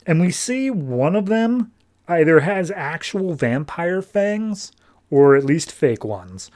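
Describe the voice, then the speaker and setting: A man's voice: fairly high pitch, sing-song, takes it slowly, darkish tone. A man hosting a podcast, giving a casual, breezy comic book recap full of fillers. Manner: breezy, filler-laden retelling. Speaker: podcast host.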